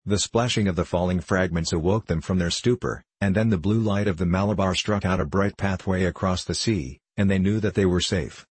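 A man narrating a novel in a steady, measured audiobook reading. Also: sits low, husky, no room sound.

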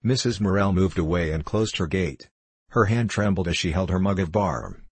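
A man narrates a novel in a steady, measured audiobook reading. His voice is very deep and a little husky. The recording is dry and close. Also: dry recording.

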